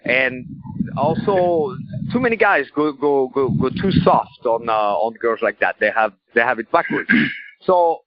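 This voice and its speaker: A man's voice: medium pitch, lively intonation, no echo. A man co-hosting a call-in podcast, speaking earnestly with many restarts and repetitions. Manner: halting, repetitive, earnest speech. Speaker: podcast co-host. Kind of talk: conversational podcast talk. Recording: dull lo-fi sound.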